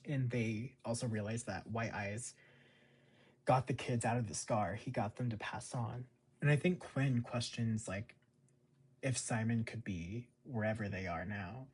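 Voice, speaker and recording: A man's voice: fairly low pitch, measured pace, darkish tone, slightly rough. A man casually recapping a TV episode, rambling with lots of fillers. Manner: rambling, filler-heavy, chuckles often. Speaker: show recap host.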